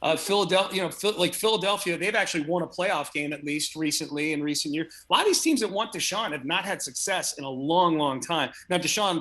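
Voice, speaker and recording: A man's voice: on the high side, quick pace, hardly any pauses, bright, forceful tone. A man in a casual sports debate, arguing emphatically and restarting his sentences often. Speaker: guest sports radio host.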